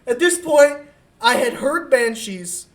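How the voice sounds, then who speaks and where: A woman co-hosting a podcast, telling a comic story in a casual, profane and animated way. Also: fairly high pitch, slow. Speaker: podcast co-host.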